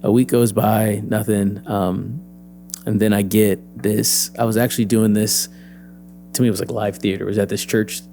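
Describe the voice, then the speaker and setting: A young adult man, an actor and PE teacher, telling his story as an interview guest, lively and acting out the voices he quotes. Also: on the low side, moderate pace, faint music behind.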